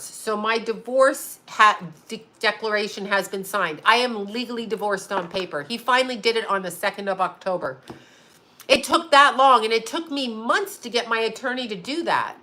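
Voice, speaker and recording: Bright-voiced woman ranting casually. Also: on the high side, normal speed. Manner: rambling, emotional, swears freely. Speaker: psychic medium and channel host. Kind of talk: casual livestream chat.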